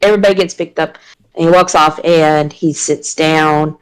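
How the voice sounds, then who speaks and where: A woman's voice: low voice, steady tone, normal speed, clean tone, low-quality recording. A woman narrates her character's moves in a tabletop game. She rambles playfully from one action to the next. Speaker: player.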